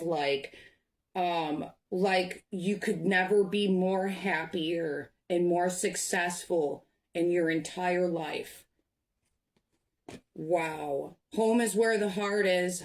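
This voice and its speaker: An excitable young woman reads tarot cards for her viewers. She gushes over each card, trails into fillers and restarts, and her voice sits at an ordinary middle pitch. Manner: excited, gushing, frequent fillers. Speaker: tarot reader. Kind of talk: tarot reading to camera.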